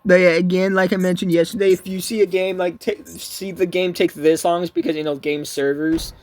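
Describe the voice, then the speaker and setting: High-voiced man rambling over gameplay. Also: little pitch movement, brisk, no room sound. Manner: rambling, profane, restarts sentences a lot. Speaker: gaming video creator. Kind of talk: casual gameplay commentary.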